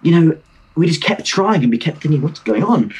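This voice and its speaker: Speaking as a guest over a video call, a young British man in his twenties rambles through a self-mocking story with plenty of fillers and false starts. His voice sits a little high, swings widely in pitch, and has a darkish, breathy quality, with a brisk delivery.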